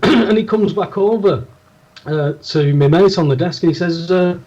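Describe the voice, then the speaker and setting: A man's voice: sits high, normal speed, a little mellow, lo-fi sound. A man co-hosting a podcast, telling a story in casual chat with lots of restarts. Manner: rambling anecdotes with restarts. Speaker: podcast co-host.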